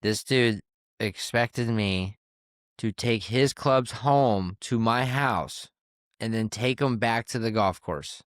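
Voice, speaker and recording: A man with a mid-range voice talks slowly in clean studio sound with no echo. He works as a caddie and hosts a podcast, casually telling candid, conversational stories from the course and swearing now and then.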